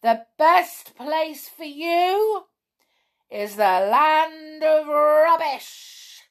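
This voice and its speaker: A woman's voice: medium pitch, lively intonation, slow pace. A woman voicing the head brownie, a grown man who speaks firmly and sternly. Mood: fierce. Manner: firm, scolding. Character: head brownie man, fierce then cheerful.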